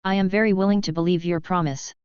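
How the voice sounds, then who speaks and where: A woman voicing a playful, wise old male wizard headmaster, speaking slowly and in a teasing tone. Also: lowish voice, steady tone, darkish tone, smooth, no echo, lightly acted. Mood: wry, gentle. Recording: dull, lo-fi, dry.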